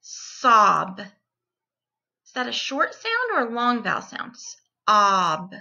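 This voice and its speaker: Slow, bright-voiced woman teaching phonics. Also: fairly high pitch, big pitch swings, vocal fry, muffled recording. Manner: slow, deliberate, repeats each word and sound. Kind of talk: distance-learning phonics lesson for young children.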